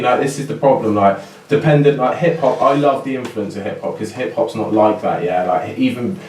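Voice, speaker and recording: A man's voice: medium pitch, fairly quick. A man, a rapper guest telling stories in casual podcast chat, full of slang and swearing. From England. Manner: animated storytelling, heavy slang and swearing. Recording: roomy distant recording, faint noise.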